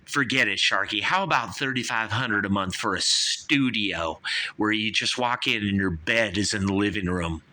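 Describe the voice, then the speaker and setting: A man's voice: on the low side, normal speed, pushed and bright. A man from Southern California hosting a radio show, delivering a rambling, profane comedic rant.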